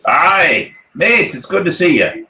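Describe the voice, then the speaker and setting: A man's voice: a little high, sing-song, slow pace, pushed and bright, echoey room, slight background noise, low-quality recording. A man hosting a live pirate-themed podcast, talking in a hearty, playful way as the ship's captain. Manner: hearty, toasting, rallying the crew. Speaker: podcast host.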